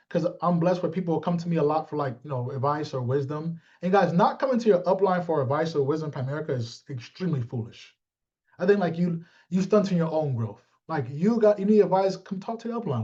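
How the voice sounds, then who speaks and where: A man giving a motivational talk to his team, animated and streetwise, calling out listeners by name. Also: on the high side, fast talker, muffled recording. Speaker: team leader.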